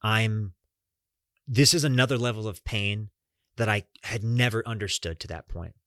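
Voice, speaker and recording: Young man, podcast host, lower voice, earnest personal storytelling, dry booth sound. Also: moderate pace, fairly bright tone, dry recording. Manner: earnest, talks straight to listeners as "guys"; swears casually.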